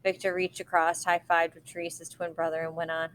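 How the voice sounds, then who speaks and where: A woman's voice: fairly low pitch, monotone, a little fast, slight background noise. Woman reading a novel aloud. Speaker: reader.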